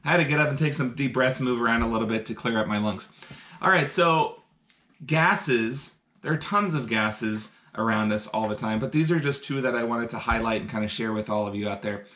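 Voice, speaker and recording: A man's voice: medium pitch, fairly quick, a bit bright. A man hosting a live-streamed science lesson, upbeat and talking straight to his viewers. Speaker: science educator.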